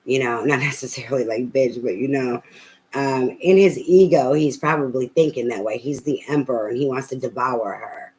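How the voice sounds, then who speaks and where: Brief: swearing, animated tarot reader in casual talk, middle pitch, faint ambient hum. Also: normal speed, low-quality recording. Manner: blunt, profane, animated. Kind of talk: casual spoken tarot reading.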